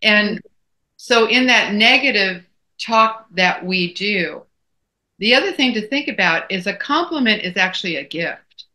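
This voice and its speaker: A woman's voice: mid-range voice, expressive, measured pace, bright, forceful tone. A middle-aged woman co-hosting a casual chat, telling folksy stories. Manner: folksy storytelling. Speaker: co-host.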